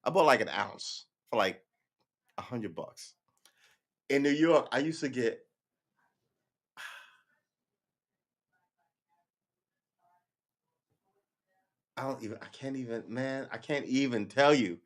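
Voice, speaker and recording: A man's voice: medium pitch, drawn-out words, pauses often. Rambling, profane male stream commentator. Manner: rambling, profane and joking, addresses viewers as boys and girls; thinks aloud, often restarts and self-corrects. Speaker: live-stream news commentator. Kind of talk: casual political commentary.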